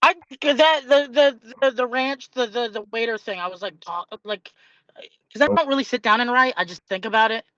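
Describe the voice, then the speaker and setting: A man's voice: very high-pitched, normal speed, bright, forceful tone, no room sound, lo-fi sound. A young man, a guest comedian, telling self-mocking stories in a rambling, casual way. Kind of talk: casual chat.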